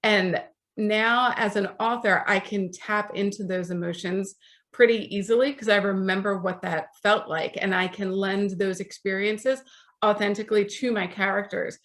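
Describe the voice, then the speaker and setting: A woman in her forties speaks as a guest author in a podcast interview, her voice at a middle pitch. She tells her stories in a chatty way and acts out the voices of people she quotes. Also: steady tone, normal speed, fairly bright tone.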